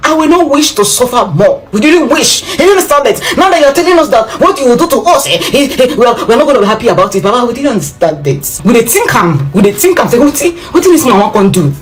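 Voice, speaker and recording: A woman's voice: on the high side, very animated, quick pace, few pauses, soft background music. A Nigerian woman speaking English mixed with Pidgin, reacting in an exclamatory, dramatic monologue and repeating her phrases. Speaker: commentator.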